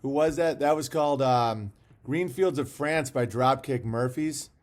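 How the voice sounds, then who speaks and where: A man's voice: medium pitch, measured pace. A man hosting a casual livestream, rambling, reading viewer comments aloud and talking bluntly with the odd swear word. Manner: blunt and profane. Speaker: livestream host.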